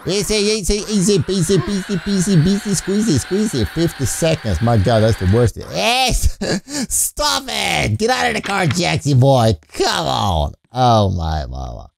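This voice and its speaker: Goofy, gravelly male game commentator. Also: a little high, very animated, measured pace, few pauses. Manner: goofy, rhyming nonsense words, frequent laughs. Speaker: gameplay commentator.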